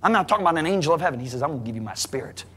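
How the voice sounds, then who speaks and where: A man preaching a sermon to a congregation, emphatic and rising to near shouting at high points. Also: expressive, racing. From United States. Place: large church hall. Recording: live sermon in a reverberant hall.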